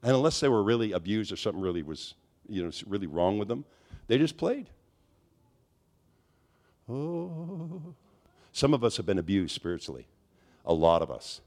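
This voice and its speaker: Animated preacher man, rising to shouts. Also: normal speed, pauses often. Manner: animated storytelling, rising to near-shouted high peaks. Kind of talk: charismatic sermon.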